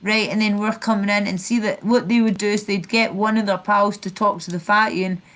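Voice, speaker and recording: A woman's voice: medium pitch, fairly even intonation, brisk, fairly bright tone. A Scottish woman streamer telling rambling stories in casual chat, full of fillers and restarts. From Scotland. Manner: rambling, filler-heavy storytelling.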